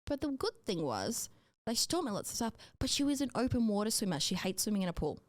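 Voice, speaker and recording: A woman's voice: a little high, big pitch swings, quick pace, no room sound, clean studio sound. An Australian woman in her twenties chatting casually as a podcast co-host, telling self-deprecating stories and laughing often. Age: 20s. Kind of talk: casual chat.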